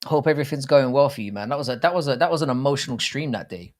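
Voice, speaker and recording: A man in his thirties runs a livestream watchalong, his medium-pitched voice expressive and racing. He talks to chat bluntly and profanely, rambling as he goes.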